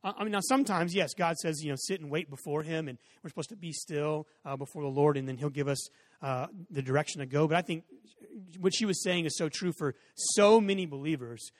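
Pastor, 40s, man with a high voice; chatty storytelling sermon, voices the back-and-forth loudly; hall reverb. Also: fairly quick, clean studio sound. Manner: conversational storytelling, acts out exchanges in raised voices. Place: church sanctuary with a stage and audience seating.

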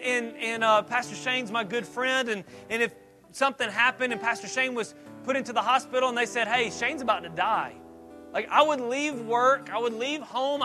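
A man preaching a sermon as pastor, with lively delivery that swings between loud, fervent passages and quiet asides, acting out voices and joking with the congregation. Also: very high voice. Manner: dynamic preaching, acts out disciples' voices, jokes.

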